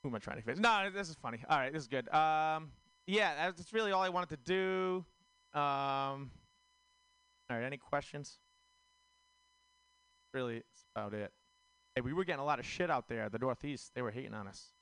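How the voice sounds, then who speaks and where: A man's voice: on the high side, moderate pace, pauses often, a bit bright, smooth, no echo. A man doing a stand-up comedy set on a club stage, rambling and full of fillers. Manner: rambling, filler-heavy delivery. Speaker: stand-up comic.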